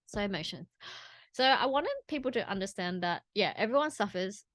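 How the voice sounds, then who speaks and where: A woman's voice: mid-range voice, animated, brisk, fairly bright tone, no room sound. A woman talking straight to camera in a personal vlog, earnest and rambling, with restarts and asides. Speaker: vlogger.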